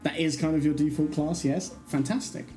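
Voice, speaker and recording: A chatty livestream host who rambles and thinks out loud while playing. The voice is dark and mellow at a middling pitch, and soft background music runs under it the whole time. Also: fairly even intonation, a little fast, low-quality recording. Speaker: streamer. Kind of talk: casual livestream chat.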